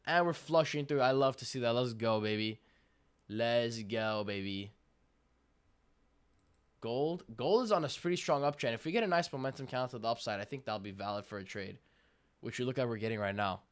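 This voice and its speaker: A young man giving casual, slangy commentary on a live trading stream, hyped and breaking into loud cheers. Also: mid-range voice, fast. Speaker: livestream day trader.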